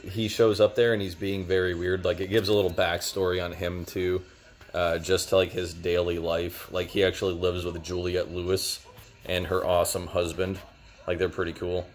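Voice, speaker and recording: Low-voiced young guy, loose rambling reviewer, heavy on fillers. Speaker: show reviewer. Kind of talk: casual video review.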